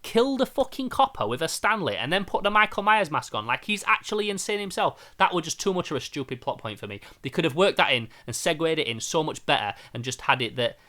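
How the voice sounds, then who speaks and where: A man talking through a film on a casual podcast, his voice bright and sharp. He gets animated and sweary, jumping into little acted-out bits of dialogue as he tells the story. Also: on the high side, quick pace, few pauses. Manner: animated, sweary, acts out scenes. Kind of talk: casual film review chat.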